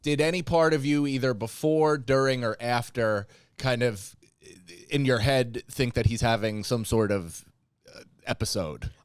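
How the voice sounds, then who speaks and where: A man's voice: mid-range voice, a little slow, clear, resonant tone, no echo, studio quality. A man who is a podcast guest, breaking in with questions and wry remarks. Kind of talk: casual banter.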